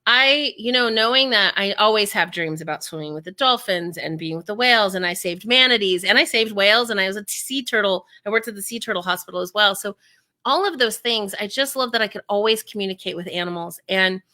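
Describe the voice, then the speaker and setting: A woman's voice: mid-range voice, brisk. A woman in her thirties, a coach, talking in a casual interview and acting out the voices of people she quotes. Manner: animated, acts out quoted voices.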